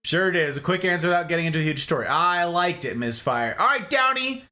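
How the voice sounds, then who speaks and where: A man's voice: high-pitched, expressive, fast talker, bright, forceful tone. A man streaming a game live, chatting casually and bantering with his viewers, laughing often.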